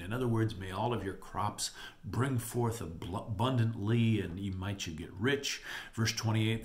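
A man with a fairly low voice teaches from scripture. He retells the story with lively animation and reads the verses aloud. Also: normal speed. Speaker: Bible teacher. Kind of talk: Bible teaching.

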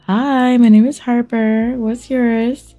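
A woman voicing a chatty young college freshman, talking in a casual, slangy way, a bit higher than her usual voice. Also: level tone, slow pace, mellow, faint music behind.

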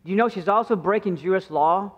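Middle-aged male pastor, high-pitched, conversational sermon, muffled recording with long church reverb. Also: fast talker. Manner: conversational preaching, acting out quoted voices with rising pitch. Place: church sanctuary.

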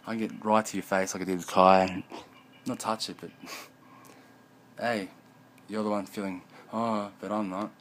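A man's voice: deep voice, flat delivery, normal speed, pauses often, a little hiss or hum, rough recording. A man rambling in a profane vlog monologue at home, often mumbling.

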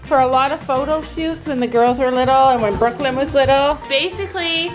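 A woman's voice: sits high, brisk, soft background music, low-quality recording. A woman and mother of a family, chatting casually to her viewers into a handheld camera. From Canada. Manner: chatty, addresses viewers directly. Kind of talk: casual vlog talking to camera.

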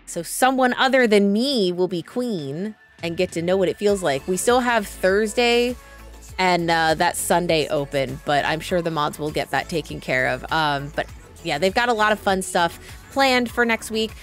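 A woman's voice: lowish voice, moderate pace, soft background music. A woman in her thirties, a streamer chatting casually and rambling through stories with frequent restarts. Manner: rambling, chatty, self-interrupting. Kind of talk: casual chat.

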